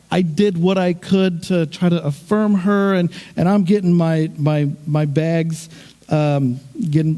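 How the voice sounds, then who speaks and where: A man's voice: fairly high pitch, warm tone. A middle-aged man, a pastor, telling a story in his sermon in a conversational, self-deprecating way.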